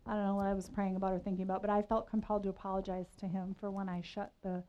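A woman's voice: medium pitch, level tone, rapid-fire. Chatty woman telling a faith story, muffled. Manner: chatty, self-deprecating humor. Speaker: speaker at a faith gathering. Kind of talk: personal storytelling sermon. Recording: slightly muffled recording.

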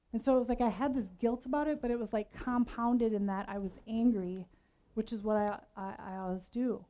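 A woman's voice: on the high side, darkish tone. A middle-aged woman giving a personal storytelling sermon at a faith gathering, chatty and self-deprecating. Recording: slightly muffled recording.

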